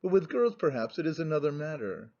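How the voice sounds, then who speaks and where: A man's voice: a little high, lively intonation, fairly quick, darkish tone. A male narrator reading the lines of a talkative, vivacious middle-aged princess who argues as if contradicted, on a muffled recording. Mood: insistent. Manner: eloquent, insistent.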